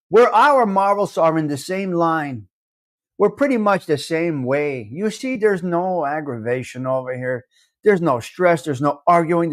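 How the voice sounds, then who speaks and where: A man hosting a casual live-stream chat, brash and mock-combative, swearing freely as he talks to viewers. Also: high-pitched. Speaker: live show host.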